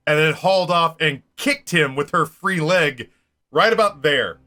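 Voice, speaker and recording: Bright-voiced man telling a rowdy story. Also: fairly high pitch, unhurried, faint music behind. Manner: animated, swears freely, laughs often. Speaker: streamer. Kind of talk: casual storytelling during a game stream.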